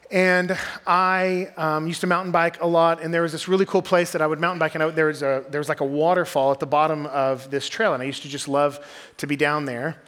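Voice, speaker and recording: Groups pastor, young man, talky sermon storyteller with a fairly high voice. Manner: conversational storytelling, drops to quiet intensity.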